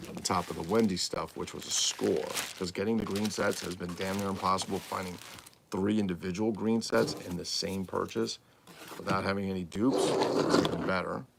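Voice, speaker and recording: Man, gravelly voice, live-stream host, enthusiastic show-and-tell, rambling. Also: deep voice, fairly even intonation, moderate pace, background noise.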